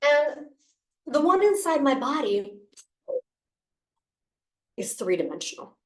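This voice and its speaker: A fairly high-voiced woman coach speaks to camera in a motivational talk. Her delivery is expressive and playful, breaking into gasps and laughs. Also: takes it slowly, echoey room. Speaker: leadership coach.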